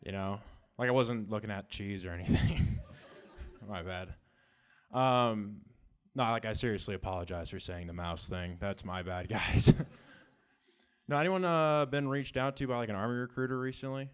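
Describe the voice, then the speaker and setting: A young man doing a self-deprecating stand-up set with quick asides and apologies to the crowd. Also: lowish voice, smooth. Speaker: stand-up comedian. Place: comedy club.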